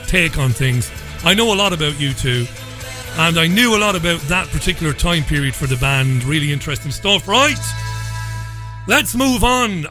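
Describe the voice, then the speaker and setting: A man hosting his own radio show, talking in an irreverent, rambling, jokey way. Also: fairly high pitch. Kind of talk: casual monologue.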